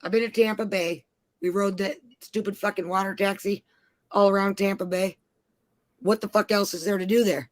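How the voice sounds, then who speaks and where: A woman's voice: mid-range voice, fairly even intonation, normal speed, no echo. A middle-aged woman, a mother, telling rambling, profane travel stories in casual chat.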